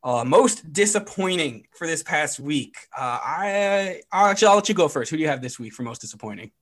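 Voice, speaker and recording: A young man hosting a casual sports chat, upbeat, moving through segments with quick asides. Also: on the high side, expressive. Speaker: sports podcast host.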